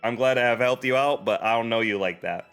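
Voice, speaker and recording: A man streaming a video game, chatting casually, reading its dialogue aloud and reacting with excited, jokey swearing. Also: mid-range voice, fairly quick, clean tone. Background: faint game music.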